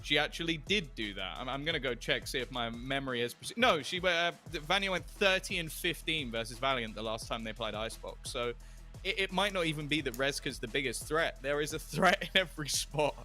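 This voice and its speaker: A man giving animated studio desk analysis of an esports match, laughing and restarting often. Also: mid-range voice, brisk, faint music behind.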